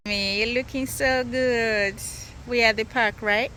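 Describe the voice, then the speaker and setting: A woman with a high voice who talks at an unhurried pace, filming a cheerful family vlog outdoors at a park. She speaks in a sing-song way to her children, and the phone recording picks up plenty of outdoor noise around her. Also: steady tone, bright, forceful tone. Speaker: vlogger mother. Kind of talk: casual family vlog chat. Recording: noisy outdoor phone audio.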